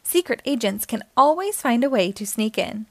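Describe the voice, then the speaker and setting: A woman reading aloud and voicing a brave, level-headed young female cartoon agent with a calm, take-charge manner. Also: a little high, normal speed, no room sound. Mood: bold. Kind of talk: children's read-aloud.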